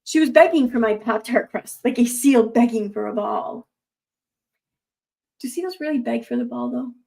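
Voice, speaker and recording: Young adult woman, a bit high-pitched, casual commentator. Reads posts aloud, breaks off into sarcastic, rambling asides. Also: normal speed, gravelly, a little mellow.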